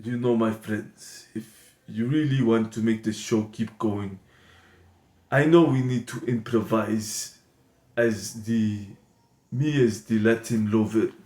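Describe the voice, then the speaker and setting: A man voicing a soft-spoken, patient male wolf playing a Latin lover in an improvised comedy sketch, talking low, slow and smug. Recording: echoey room with steady noise.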